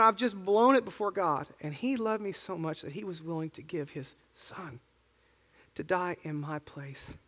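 A man's voice: sits high, fairly bright tone. A man in his thirties, a pastor preaching a sermon in an earnest, conversational way with casual asides. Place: church sanctuary. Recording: long church reverb.

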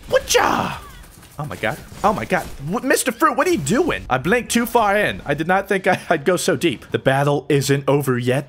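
A man giving excitable live gameplay commentary, joking and trash-talking opponents as he plays. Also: fairly high pitch, a little hiss or hum. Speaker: gaming channel host.

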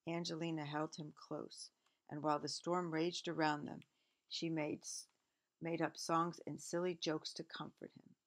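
A woman reading a picture book aloud, stopping often in a gentle, expressive way to explain the pictures. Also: low voice, normal speed.

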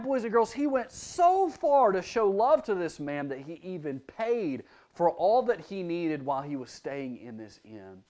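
Animated man preaching to children. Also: sits high. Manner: lively storytelling, addressing children directly; prays aloud. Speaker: children's church leader. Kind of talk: children's sermon.

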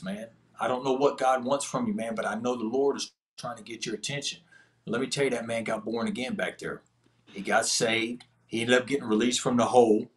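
A man's voice: medium pitch, fairly bright tone. A man, a podcast guest telling an earnest testimony story in casual, slangy speech. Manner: earnest, slangy prison storytelling with quoted dialogue.

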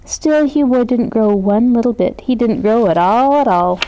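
Mellow woman reading a picture book. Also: on the high side, normal speed, dull audio. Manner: gentle, expressive read-aloud with voiced characters. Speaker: storybook reader. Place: community media studio.

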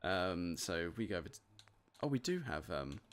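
A man with a British accent giving excitable, laughing commentary while playing a video game. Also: sits low, normal speed, slight background noise. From United Kingdom. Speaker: gamer, channel host. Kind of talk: casual let's-play commentary.

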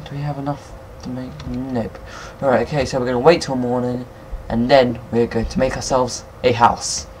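A man's voice: mid-range voice, moderate pace, hardly any pauses. Young guy rambling over his game at home, swears a lot, jumpy, noisy mic hiss behind. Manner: excitable, swears often, talks to himself. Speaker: gaming video maker. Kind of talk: casual game commentary. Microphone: computer mic, no headset.

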